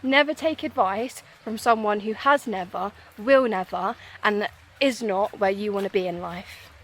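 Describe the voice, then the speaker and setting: A woman's voice: mid-range voice, a little slow, fairly bright tone, poor audio. A woman in her twenties with a Northern English accent, chatting casually and upbeat as a travel vlogger outdoors, talking to a handheld camera. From England. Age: 20s. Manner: chatty, upbeat, laughs often. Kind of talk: casual vlog chat. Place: outdoors in Thai countryside.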